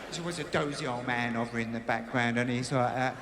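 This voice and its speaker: A man's voice: medium pitch, fast, long reverb tail, heavy background noise. A man with a British accent doing a sardonic, rambling stand-up routine. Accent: British English. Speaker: stand-up comedian. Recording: live venue with loud crowd.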